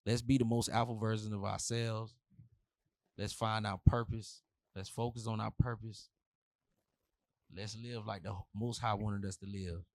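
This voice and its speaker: A man's voice: on the low side, level tone, measured pace, pauses often, darkish tone, no echo, clean studio sound. Blunt slangy man giving dating advice. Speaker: relationship advice host. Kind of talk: casual advice monologue.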